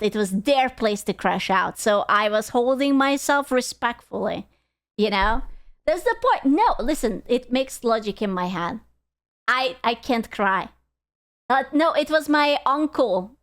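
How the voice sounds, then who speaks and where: Blunt, swearing streamer woman, smooth voice. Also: a little high, lively intonation, unhurried, a bit bright. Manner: blunt, candid, swears freely; storytelling with sung bits. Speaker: streamer reacting to videos. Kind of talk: casual reaction chat.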